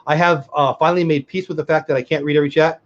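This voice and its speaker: A man's voice: fairly high pitch, fairly even intonation, very fast, muffled recording. A middle-aged man co-hosting a casual livestream chat, earnest and rambling as he reads the chat aloud. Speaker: podcast co-host.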